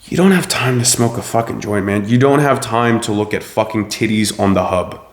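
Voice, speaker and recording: A young man giving a blunt, profane motivational rant, preachy and forceful. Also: fairly low pitch, moderate pace, roomy sound. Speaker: self-improvement video host.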